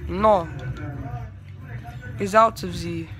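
A young man giving casual, chatty commentary while he plays a video game, trash-talking and breaking into excitable bursts. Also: high voice, very slow. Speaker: gamer.

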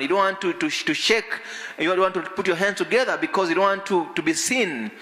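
A man's voice: sits high, sharp tone, big-room sound. A man preaching a sermon in a church, exhorting the congregation with rhetorical questions. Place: church sanctuary.

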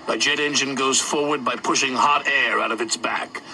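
A man doing a brisk railway boss. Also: mid-range voice, steady tone, slight background noise. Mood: businesslike. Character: stout railway boss giving orders. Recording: loud music behind.

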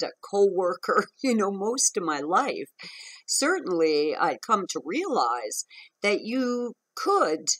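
A woman's voice: medium pitch, bright, forceful tone, low-quality recording. A woman vlogger telling her own story of an abusive relationship, frank, emphatic and profane. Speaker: vlogger on narcissistic abuse. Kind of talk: candid personal storytelling to camera.

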